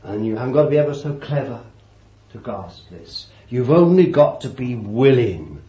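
Roomy old sermon tape, preacher. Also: male voice, mid-range voice, big pitch swings, moderate pace, highs cut off. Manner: dramatic swings from loud to hushed, repeats for emphasis.

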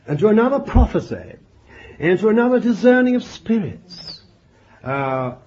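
Older male preacher, high-pitched voice, fervent, murmured asides, dull lo-fi archive recording. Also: very animated, normal speed. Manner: fervent, swings from loud declarations to low murmured asides; exclaims hallelujah and glory between points. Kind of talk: sermon.

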